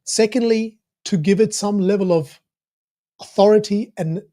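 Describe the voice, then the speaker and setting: A man commentating on an interview clip in a casual, animated way, full of fillers and restarts, swearing now and then. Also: sits high, normal speed. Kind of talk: casual spoken analysis.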